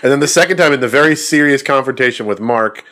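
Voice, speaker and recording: A man's voice: medium pitch, fast, a bit bright. A man co-hosting a casual podcast chat, laughing often and swearing freely. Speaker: podcast co-host.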